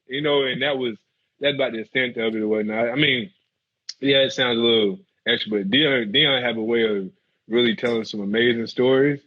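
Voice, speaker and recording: A man telling a story casually, animated and laughing, acting out the people in it. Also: mid-range voice, fairly quick, muffled recording. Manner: animated, laughs, acts out quotes. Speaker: guest, former football player.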